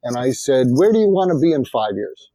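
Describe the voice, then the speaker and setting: An older man recounts a story in a measured, unhurried way as a guest on a podcast. His voice is mellow and sits in a middle pitch. The sound is dry and close, with no room behind it. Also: sing-song, no room sound, low-quality recording. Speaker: guest psychiatrist and author. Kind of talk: storytelling in an interview.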